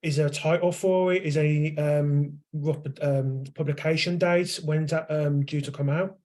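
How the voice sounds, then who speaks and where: A man hosting a podcast interview, with a mellow, soft-toned voice pitched a little high for a man. He speaks politely and thanks his guest at length before asking a final question. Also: steady tone, normal speed. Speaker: podcast host.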